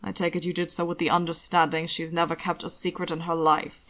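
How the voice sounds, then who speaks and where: A woman voicing a suave, soft-spoken male aristocrat who talks in a low, hushed, measured way. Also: little pitch movement.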